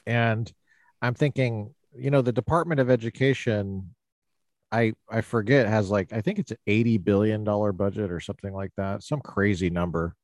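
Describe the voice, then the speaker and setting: A man hosting a conversational podcast interview, wry and quick to laugh, with sarcastic asides. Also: lowish voice, steady tone, no echo. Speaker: podcast host, professor.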